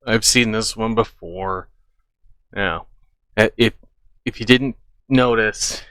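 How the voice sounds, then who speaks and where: A man with a bright, forward voice talks casually as the host of a reaction video. He picks apart what he watches with skepticism. The sound is dry and close. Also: on the low side, clean tone, no echo. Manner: skeptical, debunking. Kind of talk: casual commentary.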